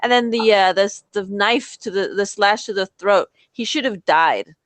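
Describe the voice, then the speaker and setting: A woman hosting a podcast in casual chat, loose, profane and quick to laugh. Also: mid-range voice, a bit bright, no room sound. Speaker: podcast host.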